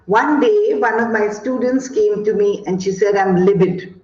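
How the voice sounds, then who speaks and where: A woman's voice: on the high side, darkish tone. A woman from India with an Indian English accent, giving an online teacher training talk and telling classroom stories with many fillers. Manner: slow, storytelling, many fillers. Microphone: video call. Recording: echoey dull video call audio.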